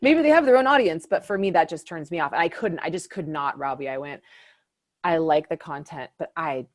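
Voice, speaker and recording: A woman's voice: fairly low pitch, animated, fast talker, no room sound, clean studio sound. A woman hosting an interview in a chatty, casual way, dropping the filler word "like" often. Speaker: host, naturopath.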